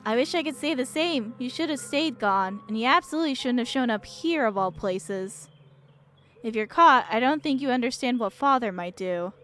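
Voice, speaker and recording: A woman's voice: fairly high pitch, lively intonation, normal speed, fairly bright tone, slight background noise. A woman reading the lines of a cold young woman from a visual novel in a curt, stern way.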